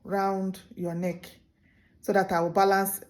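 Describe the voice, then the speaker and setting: A woman voicing a sly small male tortoise who wheedles and quickly denies what he said. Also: mid-range voice, level tone, close to an everyday voice. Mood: wheedling.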